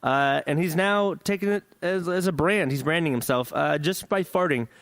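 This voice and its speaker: A man's voice: a little high, normal speed, a bit bright, no echo. A man hosting a gaming podcast in casual chat, joking, rambling and swearing. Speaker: podcast host.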